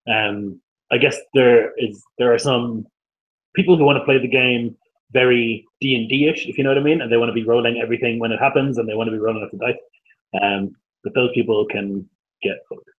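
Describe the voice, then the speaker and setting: A man's voice: medium pitch, fairly even intonation, brisk, narrow, tinny audio, slight background noise. A man co-hosting a casual live-stream chat, laid-back, laughing often and swearing casually. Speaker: co-host.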